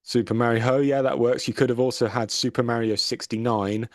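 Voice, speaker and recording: A man's voice: mid-range voice, steady tone, fairly quick, no echo, clean studio sound. A man in his thirties co-hosting a gaming podcast, cheekily running a quiz round in casual banter. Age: 30s. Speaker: podcast co-host.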